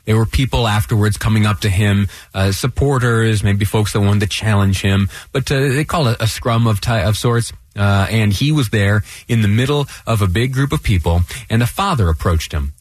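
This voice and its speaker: A man hosting a radio talk show, speaking earnestly and a little haltingly, with restarts and fillers. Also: lowish voice, dry recording.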